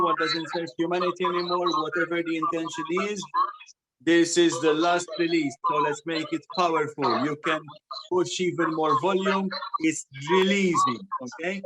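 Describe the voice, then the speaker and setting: A man facilitating a group sound ceremony, patiently instructing and counting breaths aloud as the group chants vowels together. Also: a little high. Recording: live recording with steady noise and clicks.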